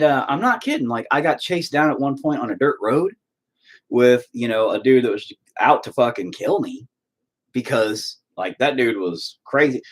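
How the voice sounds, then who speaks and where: Man in his 40s, husky voice, lively swooping pitch, cussing, heated casual rant. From Oklahoma. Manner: profane, heated, animated storytelling.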